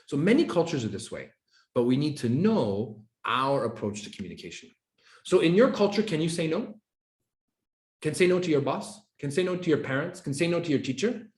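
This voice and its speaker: A man from Canada giving a conference talk on culture, lively and interactive, often asking the audience questions. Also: a little high, a little fast, roomy sound. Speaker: speaker on intercultural competence.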